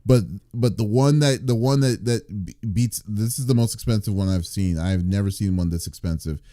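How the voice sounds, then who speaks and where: A man's voice: lowish voice, fairly quick, mellow, dry recording, studio quality. A man hosting a casual gaming podcast, rambling and restarting as he looks things up online. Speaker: podcast host. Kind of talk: casual chat.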